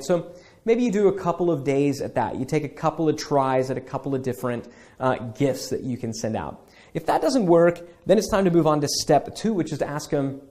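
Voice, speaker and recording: Male instructor, slightly higher voice, mellow tone, chatty lecture style with frequent fillers. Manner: conversational, many fillers, acts out sample emails. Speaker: email marketing instructor. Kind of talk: casual spoken lecture.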